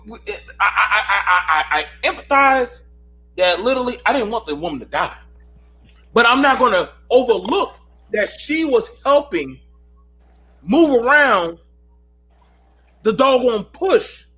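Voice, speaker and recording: A man in his thirties runs a heated panel call, pressing his points with preachy repetition. His voice sits high and bright, with a husky edge. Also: very animated, unhurried, long pauses, soft background music. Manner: preachy and emphatic, repeats himself. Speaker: host of a panel call show.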